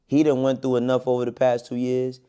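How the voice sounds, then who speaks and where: A man in a played clip, talking casually in a relaxed, slangy, conversational way. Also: mid-range voice, fairly quick, clean tone.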